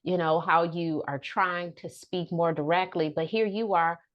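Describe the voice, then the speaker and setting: A woman's voice: lowish voice, steady tone, a little slow, dull audio. A woman therapist and author guesting on a podcast, speaking directly and animatedly, often acting out exchanges with her clients. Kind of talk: casual podcast interview.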